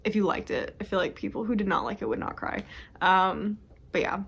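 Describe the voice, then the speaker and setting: A young book vlogger chats casually about books at home, rambling and cutting herself off. Her medium-pitched voice is husky and a bit bright, steady in tone and fairly quick.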